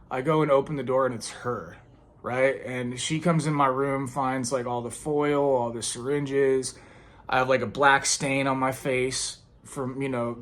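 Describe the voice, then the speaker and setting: A man's voice: mid-range voice, fairly bright tone. A young man casually telling a personal story about addiction and a breakup, rambling with lots of fillers and tag questions. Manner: rambling, filler-heavy, frequent "like" and "right?".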